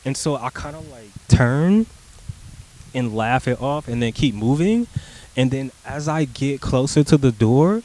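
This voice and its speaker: A man's voice: medium pitch, a little mellow, a little hiss or hum, low-quality recording. Rambling, profane young man telling a story. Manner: rambling and profane, heavy use of "like", acts out his own lines. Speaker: podcast host telling a personal story. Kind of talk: casual storytelling.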